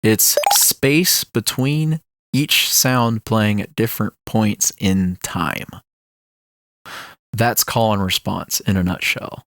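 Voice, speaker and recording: A man's voice: lowish voice, no room sound, clean studio sound. A young man hosting a solo podcast, talking casually in a rambling way with lots of fillers. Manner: rambling, filler-heavy, musing about ideas. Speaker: podcast host.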